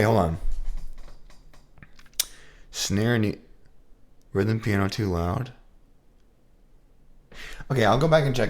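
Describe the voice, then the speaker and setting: A man's voice: low voice, gravelly, darkish tone. A sick man casually thinking aloud on a live stream about his music, rambling and self-deprecating. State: sick, with a rough voice.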